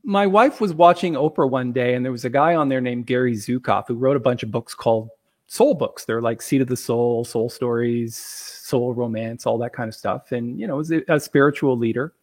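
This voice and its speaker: A man's voice: medium pitch, normal speed, darkish tone. A man casually telling a personal story as a guest, rambling, with plenty of fillers and chuckles.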